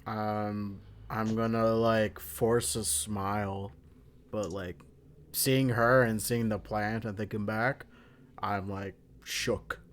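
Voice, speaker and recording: A man's voice: fairly low pitch, fairly even intonation, slow pace. A man playing a tabletop game, casually describing what his character does. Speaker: player.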